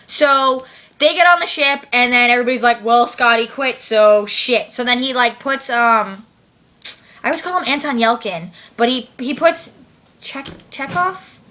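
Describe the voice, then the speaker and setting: Woman vlogger, bright higher voice, slangy casual movie recap. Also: animated, moderate pace. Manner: chatty, slangy, heavy use of "like", swears.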